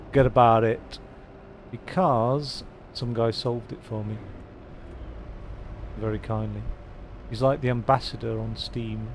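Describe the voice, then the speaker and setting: A man's voice: medium pitch, fairly even intonation, measured pace, pauses often, a little hiss or hum. A man rambling casually as he streams a truck-driving game, with self-mocking asides. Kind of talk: casual live-stream commentary.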